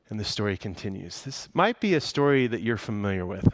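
A man's voice: lowish voice, animated, fast talker, dry recording. A man preaching a sermon as pastor, conversational and full of rhetorical questions.

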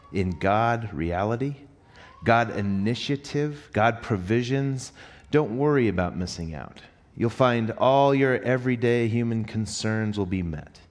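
Self-mocking male preacher in a reverberant hall. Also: lowish voice. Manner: self-deprecating, rambling storyteller. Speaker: church staff member. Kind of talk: sermon with a personal story. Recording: long reverb of a large hall.

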